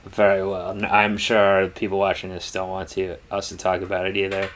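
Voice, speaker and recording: A man's voice: low-pitched, completely flat delivery, normal speed, fairly bright tone, a little hiss or hum. A man co-hosting a reaction show, chatting casually in a rambling, laid-back way with lots of fillers. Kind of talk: casual chat.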